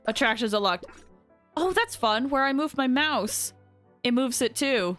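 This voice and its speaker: A woman's voice: high-pitched, animated, moderate pace, fairly bright tone, soft background music. Chatty young woman game streamer. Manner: chatty, rambling, full of "like". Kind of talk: casual live-stream chat.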